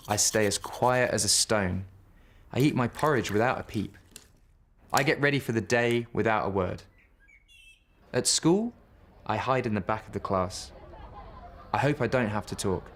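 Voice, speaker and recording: A man reads a children's picture book aloud at bedtime, gentle and unhurried. His voice sits somewhat low. The storytelling stays calm and warm in pace throughout.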